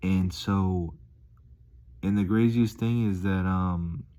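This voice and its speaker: A man's voice: low-pitched, fairly even intonation, slow pace, dark tone. A man talking casually to his viewers in a rambling, playful, enthusiastic vlog monologue, chuckling as he goes. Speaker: vlogger. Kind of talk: casual upbeat monologue to camera.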